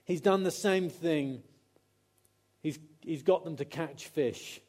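A man's voice: a little high, slow pace, darkish tone. A man preaching a conversational sermon, often acting out quotes and restarting his sentences.

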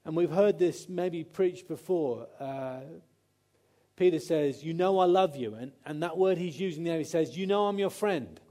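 A man's voice: on the high side, normal speed, mellow. A man preaching a conversational sermon, often acting out quotes and restarting his sentences.

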